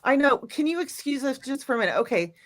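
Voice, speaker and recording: Upbeat, chatty woman hosting a live stream, higher pitch. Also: lively intonation, fast. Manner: warmly upbeat, chatty, reads viewer messages.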